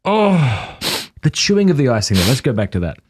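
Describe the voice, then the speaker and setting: A man's voice: medium pitch, very animated, normal speed, background noise. Male podcast host, casual, wry, mock-grumpy complaining. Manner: wry, grumbling, exaggerated complaints. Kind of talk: casual chat.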